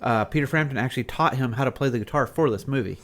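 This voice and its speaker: A man's voice: mid-range voice, fast, fairly bright tone. Enthusiastic storytelling podcast co-host man. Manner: enthusiastic storyteller, eager agreement. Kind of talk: casual chat.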